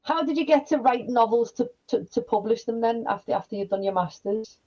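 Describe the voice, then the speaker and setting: Mellow-voiced woman host, muffled sound. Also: a little high, fairly quick. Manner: warm encouraging asides, tag questions. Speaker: podcast host. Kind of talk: interview chat.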